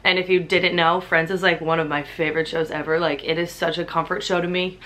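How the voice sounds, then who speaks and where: A young woman talks to her camera at home in a loose, chatty vlog, leaning on "like" at every turn. Her voice sits a little low, and a faint hum of the room sits behind it. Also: level tone, brisk, hardly any pauses. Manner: chatty, filler-heavy, says "like" constantly. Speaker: book vlogger. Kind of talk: casual vlog chat.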